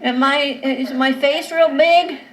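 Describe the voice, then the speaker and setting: Loopy, medicated woman, high voice, very slow drawn-out delivery, noisy home camera audio. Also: fairly even intonation, crowd noise. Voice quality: slow, drawn-out, slightly slurred talk. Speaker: vlogger. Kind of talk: casual home video. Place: home living room at night. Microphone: handheld camera.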